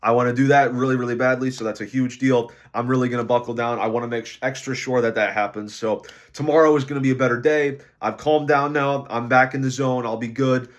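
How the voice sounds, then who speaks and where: A tired man records a casual diary vlog about his weight loss. He sounds drained from lack of sleep and rambles along with lots of fillers. His voice sits at an ordinary middle pitch. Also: steady tone, quick pace. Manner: low-energy, rambling with many fillers.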